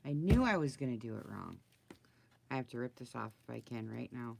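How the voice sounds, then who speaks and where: A woman's voice: very deep voice, sing-song, fairly quick, gravelly, very noisy. A woman crafter talking casually through her project, muttering to herself and getting flustered. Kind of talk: casual crafting video talk.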